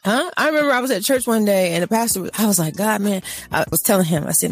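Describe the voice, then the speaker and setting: A woman's voice: lowish voice, fast talker, gravelly, hardly any pauses, soft background music. A woman co-hosting a faith talk show, ranting emphatically and acting out little dialogues. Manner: emphatic, acts out dialogues, laughing asides. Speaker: co-host. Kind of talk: animated faith talk, preaching rant.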